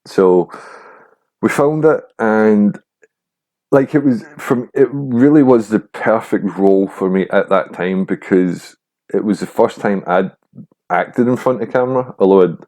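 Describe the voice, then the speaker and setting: A man's voice: lowish voice, measured pace, warm tone. A young man hosting a podcast, telling a candid, self-deprecating story in casual chat and swearing freely. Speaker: podcast host.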